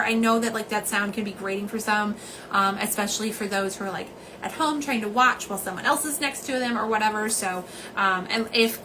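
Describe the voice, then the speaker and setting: A woman's voice: medium pitch, background noise. A woman chatting casually on a live stream from home, rambling and greeting viewers by name. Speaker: livestream host. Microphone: phone camera.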